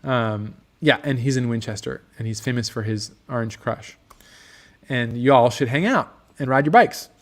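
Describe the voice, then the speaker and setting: A man hosting a casual livestream from a motorcycle workshop, reading out viewer comments in a relaxed, rambling way full of ums and restarts. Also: medium pitch, normal speed.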